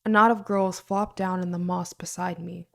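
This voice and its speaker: A woman narrates a first-person fantasy novel with a slightly low voice. She reads expressively, with her volume rising and then falling nearly to a whisper. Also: steady tone, normal speed, vocal fry. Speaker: audiobook narrator.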